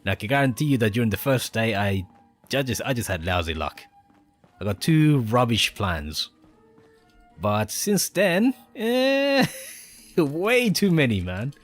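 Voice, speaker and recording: A man streams a game and chats casually, rambling and chuckling often in a mixed Spanish and Australian accent, Spanish being his native language. His mid-range voice is very animated but unhurried, with faint game music in the background.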